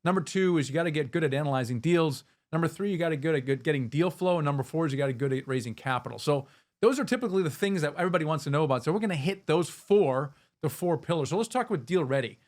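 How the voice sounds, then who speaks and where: A man hosting an interview, energetic and explaining at length in a conversational way. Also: on the high side, fast. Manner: energetic, talks in long run-on explanations with restarts. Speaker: podcast host interviewing an investor.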